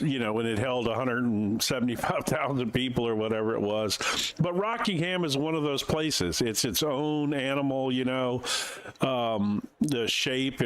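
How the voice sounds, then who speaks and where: A man co-commentating and producing a sim race broadcast, relaxed and musing with many fillers. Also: mid-range voice, clear, resonant tone, poor audio.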